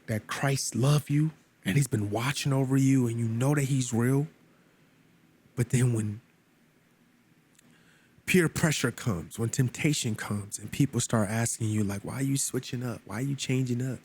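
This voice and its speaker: A man leading a Bible study, reading scripture and commenting on it in an emphatic, preacherly way, with casual asides to his listeners. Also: a little mellow. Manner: emphatic, preacherly, pitch climbing on stressed words.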